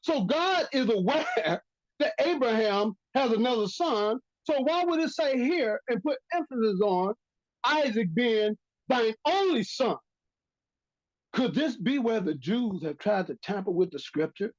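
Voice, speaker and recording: Scripture teaching monologue, emphatic repetition, animated pitch, lo-fi sound. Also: measured pace. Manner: reads scripture aloud then repeats key phrases for emphasis. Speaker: religious teacher. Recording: dull lo-fi recording.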